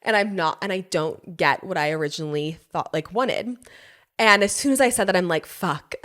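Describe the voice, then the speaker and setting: A pregnant young woman hosting a podcast, telling a personal story in a casual, animated way, laughing often and swearing freely. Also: lowish voice, brisk. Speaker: podcast host.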